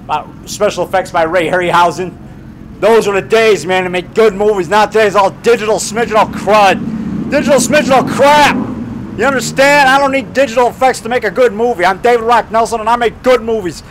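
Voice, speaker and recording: An excitable man in his fifties vlogs while walking down a town street, talking straight to the camera. His voice sits high for a man, and he rambles from thought to thought, calling the viewer brother and man. Faint traffic hums behind him outdoors. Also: fast. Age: 50s. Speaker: filmmaker vlogging.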